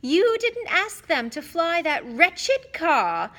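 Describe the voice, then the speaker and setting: A woman's voice: sing-song, slow, fairly bright tone, full character voice. A woman reading aloud, voicing a fierce, scolding middle-aged witch mother who fusses over a guest. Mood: snapping. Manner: shrill, scolding, then fussing kindly.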